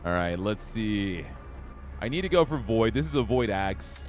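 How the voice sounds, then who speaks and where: A man's voice: fairly low pitch, animated, normal speed, soft background music. A young man streaming a game, chatting casually and easygoing with his viewers. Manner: easygoing, chatty, talks to chat. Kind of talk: casual gameplay chat.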